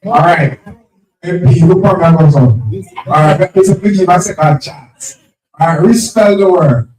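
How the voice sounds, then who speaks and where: A man, hosting a live spelling game at an event, brisk and teasing, repeating each word. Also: sits high, crowd noise. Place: event venue with crowd. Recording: echoey, distant from the mic.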